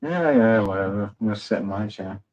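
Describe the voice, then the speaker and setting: Low-voiced young man bantering. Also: expressive, fairly quick, darkish tone, dull audio. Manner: rambling, self-mocking banter. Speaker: livestream host. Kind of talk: casual chat.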